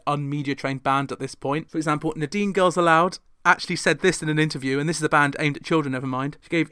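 Wry man, higher voice, dry sound. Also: a bit bright, clear, resonant tone, no room sound. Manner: wry, sarcastic asides. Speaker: host. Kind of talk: chatty pop chart commentary.

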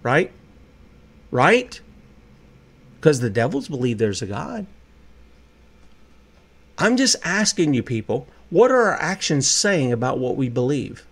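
A man's voice: mid-range voice, sing-song, slow pace, gravelly, pauses often. Impassioned man hosting talk radio. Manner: impassioned, preachy, rhetorical questions. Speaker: radio talk show host. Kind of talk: opinionated call-in radio talk.

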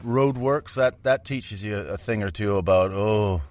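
A man's voice: lowish voice, unhurried. A man from Canada, chatting casually as a podcast co-host, joking and swearing as he goes. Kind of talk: casual chat.

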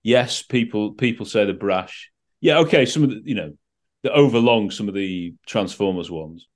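A man's voice: on the low side, lively intonation, moderate pace. A man giving opinions in a casual film podcast chat. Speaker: podcast co-host.

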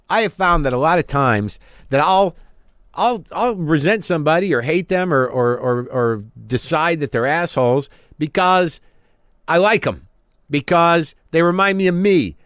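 A man's voice: fairly high pitch, a bit bright, no room sound, studio quality. Profane, self-mocking man hosting a podcast. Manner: self-deprecating, profane, acts out both sides of imagined arguments. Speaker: podcast host. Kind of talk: candid monologue and chat. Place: home studio.

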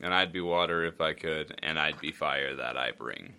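A man's voice: very deep voice, moderate pace, bright, forceful tone, slight background noise. A man co-hosting a podcast, joking crudely and half-singing lyrics as he picks them apart. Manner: jokey, crude, sings lyrics aloud. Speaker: podcast co-host. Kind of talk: casual comedic chat.

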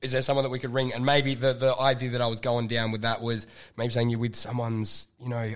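A man's voice: medium pitch, level tone, fairly quick. An Australian man hosting a podcast, chatting casually with guests and swearing freely. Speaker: podcast host. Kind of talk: casual chat.

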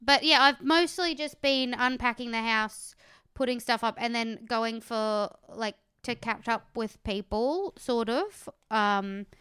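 An Australian woman talking in a chatty, rambling way that is peppered with casual swearing. Her voice is bright and clean, slightly high. It is recorded close and dry, with no room sound. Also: measured pace, clean tone, no room sound. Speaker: comedian guest. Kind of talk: casual chat.

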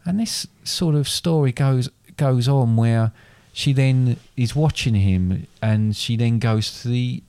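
A man's voice: mid-range voice, takes it slowly, few pauses, mellow, smooth, no room sound. A man casually retelling a fairy tale in a chat, rambling and correcting himself as he goes. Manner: rambling, self-correcting storyteller.

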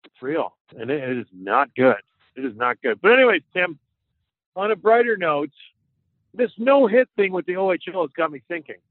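A man's voice: on the high side, animated, moderate pace, no room sound. A man co-hosting a casual sports podcast, chatting in a playful, rambling way. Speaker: podcast co-host. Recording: dry, tinny phone-like line.

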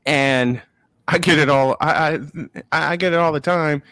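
A man from Chicago hosting a casual sports chat, animated and quick to laugh. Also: on the high side, dry recording. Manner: lively, animated, laughs often. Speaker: host.

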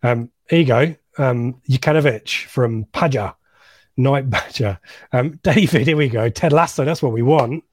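A man's voice: medium pitch, measured pace, slightly rough, no echo, clean studio sound. A man co-hosting a live fan stream, rambling through viewer comments with many ums. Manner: rambling, many ums, reads names aloud. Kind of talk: casual live-stream chat reading comments.

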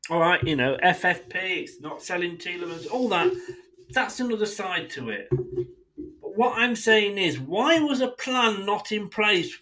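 A man's voice: sits high, very animated, unhurried, sharp tone, low-quality recording. A man hosting a football fan podcast, delivering an indignant, sweary solo rant addressed straight at his club's owners.

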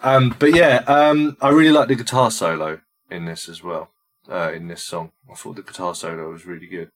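A man's voice: deep voice, normal speed. A man co-hosting a podcast, sharing his reactions to music in a casual, hesitant way, with frequent restarts and filler sounds.

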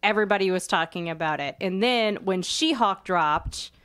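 A woman with a smooth, clear voice chatting casually as co-host. She teases her partner dryly and gives her opinions quickly. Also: medium pitch, a bit bright. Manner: wry, teasing, quick opinions. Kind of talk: casual chat.

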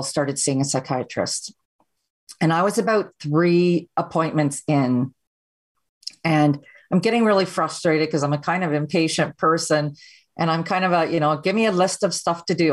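Canadian woman on a podcast, real low voice, just telling her story straight and candid. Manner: candid, steady, plainspoken recounting. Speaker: podcast guest. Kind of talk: personal storytelling.

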